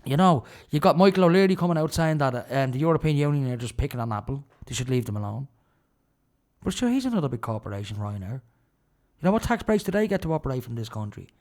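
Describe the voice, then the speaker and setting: A man's voice: mid-range voice, big pitch swings, quick pace, darkish tone. An Irish man hosting a radio show, delivering an indignant, ranting solo monologue with heavy emphasis.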